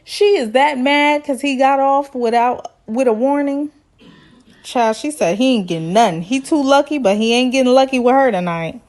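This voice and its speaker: A woman with a somewhat high voice, talking in a chatty, sassy way. She teases and jokes as she recaps, with an animated, playful delivery. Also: normal speed. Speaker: reality TV recap YouTuber.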